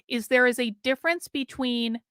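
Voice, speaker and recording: A woman hosts a livestream in a blunt, chatty way, full of fillers. Her voice is bright and pitched a little high. The sound is close and dry. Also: normal speed, clear, resonant tone, no room sound. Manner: blunt, conversational, many fillers. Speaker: livestream host. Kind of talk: livestream commentary reading chat.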